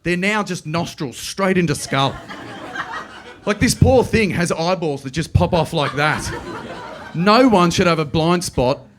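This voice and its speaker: A middle-aged man with an Australian accent doing a stand-up comedy routine, telling stories quickly and slipping into playful voices. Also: fairly high pitch, a little hiss or hum. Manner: animated, quick storytelling with playful put-on voices. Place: comedy club stage.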